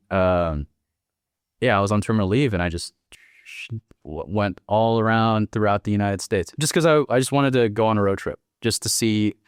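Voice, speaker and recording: Veteran man in his thirties, low-pitched, dry and close; laid-back, profane storyteller for an interview. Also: clean tone, no room sound. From Northern California. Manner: laid-back and profane, acts out quoted dialogue. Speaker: podcast guest, military veteran.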